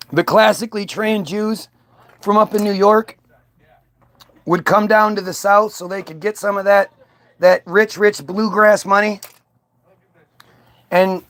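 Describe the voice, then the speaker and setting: A man's voice: high voice, fairly bright tone. A man hosting a profane, rambling rant monologue, full of restarts and swearing. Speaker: host.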